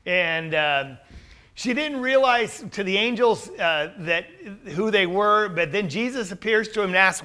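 A man's voice: sits high, animated, unhurried, bright, forceful tone, smooth. A man teaching a Bible class in a conversational way, asking the group rhetorical questions.

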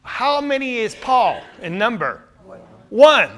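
A man's voice: very high voice, very animated, takes it slowly, fairly bright tone. A man teaching a Bible class, quizzing his listeners with questions and then answering them himself.

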